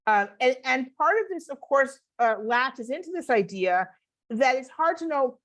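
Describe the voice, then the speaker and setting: A woman's voice: high-pitched, lively intonation, normal speed, a bit bright. A woman teaching a Bible class online, explaining in a conversational way and answering questions as she thinks aloud.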